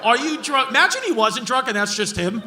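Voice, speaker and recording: A man working the room at a stand-up show, his voice pitched unusually high and his delivery brash, profane and mocking. He is recorded live in a large club, and a loud crowd laughs around him. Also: expressive, fairly quick. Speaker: stand-up comedian. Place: large comedy club before a live audience.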